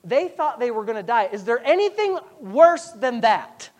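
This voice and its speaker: A woman's voice: on the high side, sing-song, normal speed, a little mellow. Sarcastic woman pastor preaching. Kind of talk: sermon.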